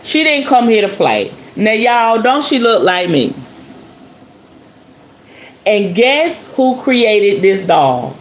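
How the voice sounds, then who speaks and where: A woman's voice: mid-range voice, sing-song, takes it slowly, long pauses. A woman host talking casually to her viewers and calling them y'all as she shows off an object. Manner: chatty, addresses viewers as y'all. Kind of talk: casual show-and-tell talk to viewers. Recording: roomy with faint background noise.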